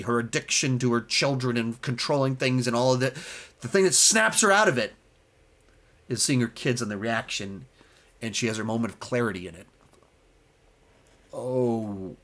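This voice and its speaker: A man giving a casual spoken film review, animated and emphatic, with many fillers and restarts. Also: medium pitch.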